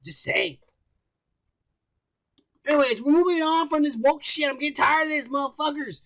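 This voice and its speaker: A man's voice: very high voice, lively intonation, normal speed, fairly bright tone, dry recording. A man co-hosting a podcast, talking in crude, profane, rambling banter while reading out the news. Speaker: podcast co-host.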